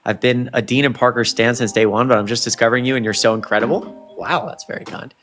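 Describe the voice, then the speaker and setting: A man hosting a casual livestream, rapidly thanking donors in an effusive way. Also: mid-range voice, steady tone, fairly bright tone, soft background music. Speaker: livestream host.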